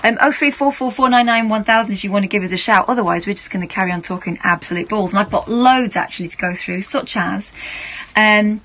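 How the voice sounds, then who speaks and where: A woman's voice: medium pitch, fast, a bit bright. A woman, co-presenting a radio talk show in casual, wry chat. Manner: chatty, storytelling, wry asides.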